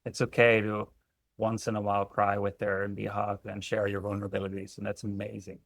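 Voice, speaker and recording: A man's voice: on the low side, monotone, a little fast, vocal fry, no echo, clean studio sound. Blunt, profane man coaching. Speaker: relationship coach. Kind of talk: candid interview conversation.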